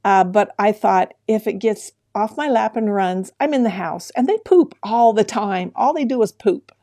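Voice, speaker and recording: Chatty middle-aged woman, livestream host, friendly viewer greetings, mellow gravelly tone. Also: medium pitch, animated, normal speed. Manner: chatty, greets viewers by name, laughs often. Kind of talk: casual live-stream chat with viewers.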